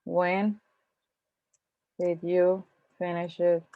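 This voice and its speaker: A woman's voice: lowish voice, little pitch movement, drawn-out words, no room sound. Woman teaching English over video call. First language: Spanish. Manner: explains patiently, with frequent restarts and thinking aloud. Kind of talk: online class, switching between English and Spanish. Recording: tinny video-call audio, dry.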